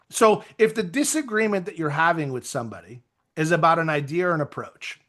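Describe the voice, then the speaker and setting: A man coaching real estate agents in an energetic, conversational motivational talk with self-deprecating asides. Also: on the high side.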